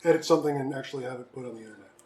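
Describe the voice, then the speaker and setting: A man's voice: medium pitch, very fast, warm tone. A man running a tabletop game, chatting casually and reassuring his friends in a joking way. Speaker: game master recording the session. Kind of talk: casual chat among friends. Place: home room around a game table. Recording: echoey room with background noise.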